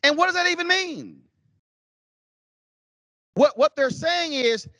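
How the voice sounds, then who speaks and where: A man's voice: extremely high pitch, moderate pace, pauses often, dry recording, clean studio sound. A man giving a university keynote lecture, telling stories and acting out what other people said in shifting voices. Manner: animated, acts out quotes in shifting voices. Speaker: keynote speaker. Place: lecture hall.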